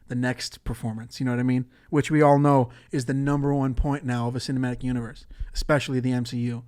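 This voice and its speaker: A man hosting a solo podcast in a casual, rambling way, swearing and laughing often. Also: medium pitch. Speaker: podcast host.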